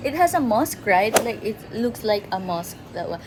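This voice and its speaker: A woman vlogging casually while walking around, chatty and quick to giggle and exclaim. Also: medium pitch, sing-song. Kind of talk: casual travel vlog. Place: outdoors on a busy street and in shops. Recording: loud street noise.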